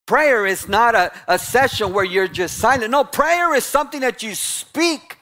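High-voiced man preaching a lively sermon. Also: normal speed. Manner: animated, sarcastic preaching with acted-out quotes. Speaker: guest pastor.

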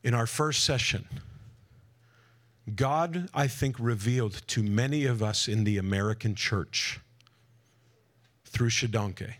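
Energetic man preaching to a conference. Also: mid-range voice, slow pace, long pauses. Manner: energetic, jokey asides, asks the crowd questions. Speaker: conference speaker. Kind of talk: preaching talk to a conference audience. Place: conference hall before a live audience.

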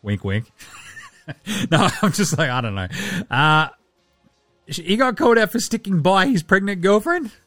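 Man, podcast host, brash and sweary, fairly high voice, dry close sound. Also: sing-song, a little slow, long pauses, fairly bright tone, no echo, faint music behind. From Australia. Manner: brash, profane, jokey, puts on voices for quotes. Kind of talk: casual sports podcast rant.

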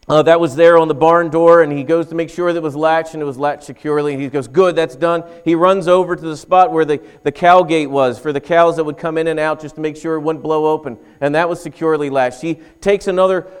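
A man's voice: on the high side, clean tone. A male pastor preaching a sermon, telling a story and rising to emphatic calls to his listeners.

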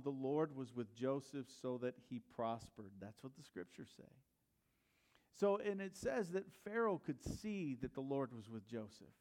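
A male pastor preaching a sermon, retelling a story and asking the congregation questions. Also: a little high.

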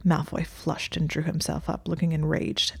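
A woman's voice: sits low, completely flat delivery, normal speed, gravelly, husky. A woman narrating a story in a dry, wry way.

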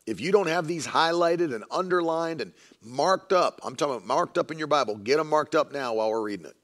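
A man's voice: on the high side, expressive, brisk, a bit bright. A man preaching a sermon in an emphatic way, repeating lines for stress and mocking the views he argues against.

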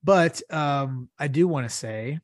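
A man's voice: medium pitch, slow pace, no echo, studio quality. A man co-hosting a podcast in casual chat, rambling, laughing often and swearing freely. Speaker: podcast co-host.

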